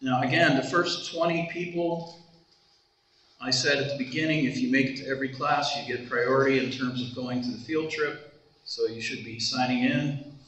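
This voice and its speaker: A man's voice: medium pitch, fairly even intonation, normal speed, fairly bright tone. Echoey, far-off man hosting a class. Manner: playful, rambling, hyping the audience. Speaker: class host. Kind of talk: announcements to a live class. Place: lecture room with live audience.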